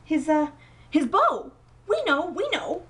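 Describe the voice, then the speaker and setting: A woman voicing two proud, cruel young sisters who talk in a shrill, boastful way. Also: big pitch swings, slow pace, a bit bright, exaggerated voice. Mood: flustered. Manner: shrill, boastful and haughty, stammering when caught out. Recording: voice a bit distant from mic.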